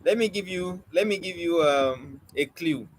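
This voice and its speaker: A man's voice: a little high, a little slow, rough recording. A young man teaching an online poetry lesson, coaxing and questioning his students with light teasing. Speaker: poetry mentor.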